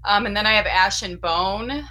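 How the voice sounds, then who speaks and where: A woman's voice: medium pitch, moderate pace, pushed and bright, rough recording. A woman with a Chicago accent, an actress guest talking upbeat with many fillers. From Illinois. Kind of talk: casual interview.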